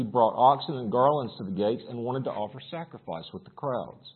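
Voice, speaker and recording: A man's voice: mid-range voice, slightly rough, phone-quality sound. A man preaching a sermon and reading scripture aloud, building force as he reads. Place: church service room.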